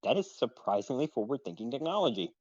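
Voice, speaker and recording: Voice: medium pitch, big pitch swings, quick pace, a little mellow, no echo, lo-fi sound. A performer voicing a naive young man who lived underground, talking in an indignant, innocent way. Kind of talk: role-play stream.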